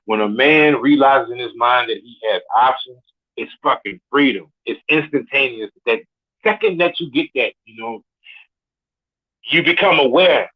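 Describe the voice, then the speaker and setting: A man's voice: medium pitch, moderate pace, breathy edge. A man of forty, a caller on a live show, ranting bluntly and with swagger, swearing constantly. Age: 40s. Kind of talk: profane rant. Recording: tinny phone line.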